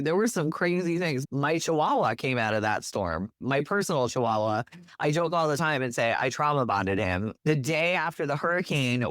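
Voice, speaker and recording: A woman from New Jersey telling a story as an interview guest, lively, acting out the quotes with big jumps in her voice. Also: very deep voice, no room sound, studio quality. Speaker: guest, animal rescue worker.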